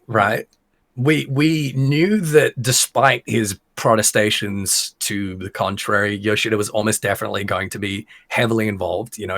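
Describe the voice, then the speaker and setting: A man's voice: on the low side, a bit bright, no room sound. A man talking on a podcast, chatty and sure of himself, explaining at length with plenty of fillers. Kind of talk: casual podcast chat.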